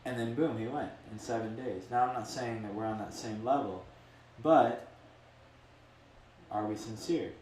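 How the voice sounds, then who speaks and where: A man's voice: mid-range voice, moderate pace, a little mellow, a little hiss or hum. A man giving a casual, rambling storytelling talk as a spiritual teacher. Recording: echoey room from a distant mic.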